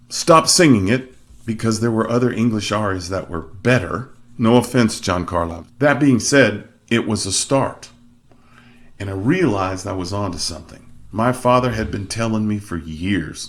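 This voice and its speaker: Low-voiced middle-aged male storyteller. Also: normal speed. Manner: self-deprecating and expressive, varying his delivery for emphasis. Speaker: opera singer hosting his own show. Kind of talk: storytelling monologue.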